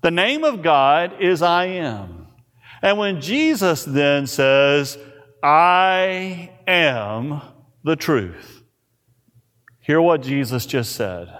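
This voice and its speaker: A man pastor preaching a sermon, slow and emphatic, with dramatic pauses on key words. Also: on the high side, big pitch swings, a bit bright. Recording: reverberant church hall.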